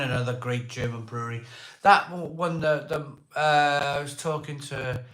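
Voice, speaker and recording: A Welsh man with a voice hoarse from a cold, hosting a casual live stream, greeting viewers by name and asking for likes. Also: mid-range voice, a bit bright. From Wales. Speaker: livestream host. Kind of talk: casual live chat reading viewer comments. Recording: echoey room.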